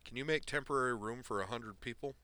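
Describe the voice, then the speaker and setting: A man voicing Utena, a brisk and wry woman starship commodore, in a read-aloud story. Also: mid-range voice, bright, forceful tone, dry recording, voice pushed up, natural voice.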